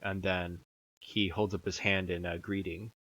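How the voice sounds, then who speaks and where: A man narrating a tabletop game as game master, halting with many fillers. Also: sits low, little pitch movement, a bit bright, no room sound. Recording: dull dry sound.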